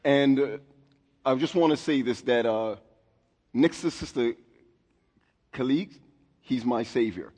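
Male pastor, 40s, mid-pitched, loose conversational sermon delivery, long church-hall reverb. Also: slow, pauses often, a little mellow, husky. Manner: conversational, self-deprecating, with restarts. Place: church sanctuary.

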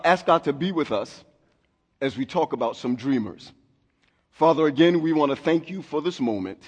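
A man's voice: fairly high pitch, animated, normal speed, slightly rough. A man in his forties preaching a sermon as a pastor, chatty and self-deprecating, with many restarts. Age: 40s. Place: church sanctuary. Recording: long hall reverb.

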